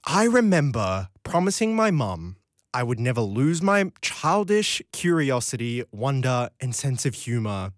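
A man's voice: medium pitch, no room sound, studio quality. A young Australian man hosting a late-night radio show, chatting loosely and laughing as he wanders off on tangents between listener texts. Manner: rambling, giggly, goes off on tangents. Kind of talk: casual radio chat reading listener texts. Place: radio studio. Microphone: studio microphone.

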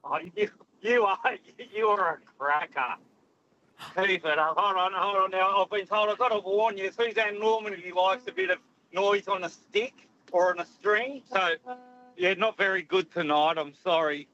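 A woman's voice: mid-range voice, moderate pace, fairly bright tone, slight background noise. A woman, calling in to a radio show, chatty, rambling and jokey. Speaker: caller. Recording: dull phone line.

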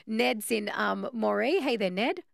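A woman's voice: medium pitch, animated, unhurried, vocal fry, no echo, clean studio sound. Upbeat Australian woman radio host. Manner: upbeat, encouraging, laughs often. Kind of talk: radio call-in chat.

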